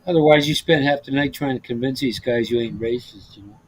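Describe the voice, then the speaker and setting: A man's voice: medium pitch, a little fast, low-quality recording. A man hosting a casual podcast, telling profane, laughing stories about driving a bus, with lots of restarts. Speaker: podcast host, former bus driver. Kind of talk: casual chat, storytelling.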